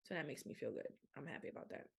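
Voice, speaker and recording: Podcast host, young woman, low gravelly voice, blunt and animated. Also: very fast. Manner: frank, animated storytelling with colloquial speech. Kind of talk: candid casual monologue.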